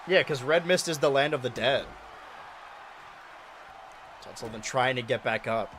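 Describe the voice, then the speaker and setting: A young man streaming and commentating a wrestling video game, excitable, shouting and pleading at big moments and muttering through his math. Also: mid-range voice, normal speed, a little hiss or hum. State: out of breath.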